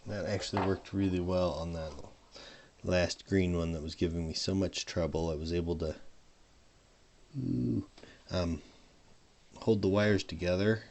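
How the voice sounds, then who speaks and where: A man's voice: low voice, measured pace, vocal fry, pauses often, a little mellow. A man narrating his hardware soldering as he works, mumbling and trailing off mid-thought, at a home workbench, leaning in and out from a desk microphone. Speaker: hobbyist modder. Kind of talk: casual narration while soldering.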